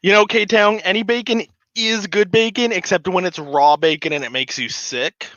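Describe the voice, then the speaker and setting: A man chatting on a live stream with a bright, forceful voice that sits a little high for a man. His easygoing, chatty talk comes through slightly dull and lo-fi. The sound is dry, with no room echo. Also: moderate pace. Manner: chatty and easygoing, laughs often. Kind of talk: casual live stream chat. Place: home hobby room. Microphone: desk microphone.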